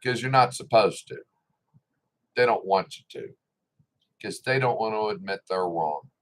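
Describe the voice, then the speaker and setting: Middle-aged man, low voice, indignant commentator, blunt and sarcastic. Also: expressive, unhurried, rough recording. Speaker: political commentator. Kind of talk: casual opinion monologue.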